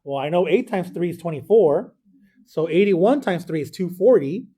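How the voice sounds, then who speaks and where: A man's voice: high-pitched, expressive, normal speed, warm tone, husky. A man teaching a math class, talking through arithmetic step by step and checking in with students. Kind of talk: classroom lesson.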